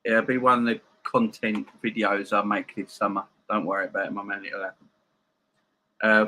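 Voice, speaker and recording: Bright, forceful man hosting a livestream. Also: fairly low pitch, poor audio. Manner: chatty, joking banter with viewers. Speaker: host of a live football watchalong. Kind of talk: casual live-stream chat, reading viewer comments.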